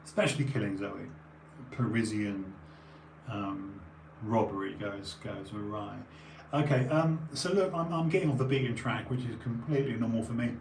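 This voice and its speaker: Speaking at normal speed, a lowish, slightly mellow male voice talks loosely on stream, wandering off on tangents and starting over. He's tired with a runny nose; the room is echoey with faint noise behind.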